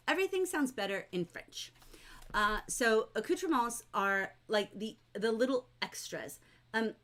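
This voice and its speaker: A middle-aged woman leads a livestreamed book class from her desk. She talks in a chatty, animated way, answers viewer comments as they come in, and breaks into characters' lines now and then. Her voice sits at an ordinary middle pitch. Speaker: teacher leading a novel study. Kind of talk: livestreamed class, reading chat aloud.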